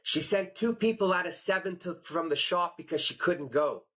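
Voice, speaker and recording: A man hosting a podcast in casual chat, telling stories with lively acted-out quotes. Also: high-pitched, moderate pace. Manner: animated storyteller, acts out quotes. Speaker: podcast host.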